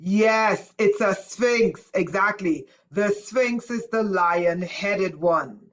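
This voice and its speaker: Woman doing a live spiritual lecture, talks slow, leans hard on her points, keeps asking viewers if they got it. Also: mid-range voice, poor audio. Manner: emphatic, repeats key lines slowly for effect; asks listeners questions. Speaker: spiritual teacher.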